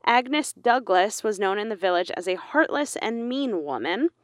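A woman's voice: medium pitch, expressive, normal speed, dry recording. Young woman, podcast co-host, casual true crime storytelling, dry close sound. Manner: laughs often, reads story sections aloud.

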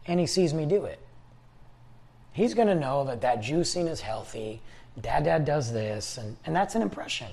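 A man's voice: on the high side, expressive, normal speed, darkish tone. A man hosting a podcast, rambling along in casual conversational storytelling. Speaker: podcast host. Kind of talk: casual solo talk.

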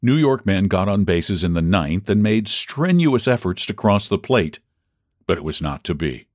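Male audiobook narrator, lowish voice with wide, lively pitch, dry close sound. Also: moderate pace, no echo. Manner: expressive reading, shouting out the fans' cries. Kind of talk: scripted narration of a classic baseball story.

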